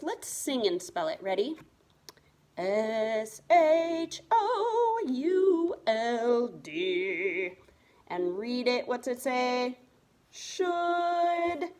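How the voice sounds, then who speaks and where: Slow, patient woman teaching first grade. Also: mid-range voice. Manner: slow, patient, encouraging teacher talk, spelling words letter by letter. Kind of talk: remote reading lesson for young children.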